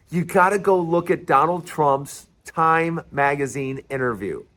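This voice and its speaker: A man hosting his own political commentary vlog, talking in an animated, emphatic way and often repeating and restarting his phrases. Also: on the high side. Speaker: vlog host.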